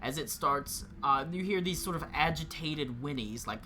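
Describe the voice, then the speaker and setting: A man narrating as game master, halting and full of fillers and restarts. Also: fairly high pitch, very noisy.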